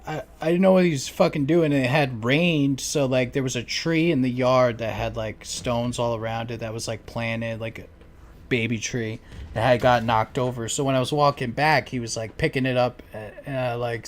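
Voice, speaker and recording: A young man telling neighbor stories in casual chat, rambling and profane, packing every sentence with "like" and breaking into loud mocking voices. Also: steady tone, moderate pace. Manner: rambling, profane, heavy use of "like"; mimics neighbors in loud high-pitched voices.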